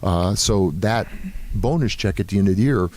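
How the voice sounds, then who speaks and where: A man's voice: fairly low pitch, normal speed. Older man telling old ballplayer stories. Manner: relaxed anecdotal storytelling with many fillers. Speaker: former baseball player, guest. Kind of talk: casual storytelling interview.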